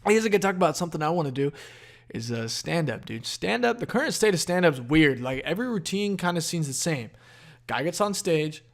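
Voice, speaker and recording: A man's voice: a little high, big pitch swings, a little fast. A young man hosting a casual solo podcast outdoors, rambling and profane with lots of fillers. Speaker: podcast host.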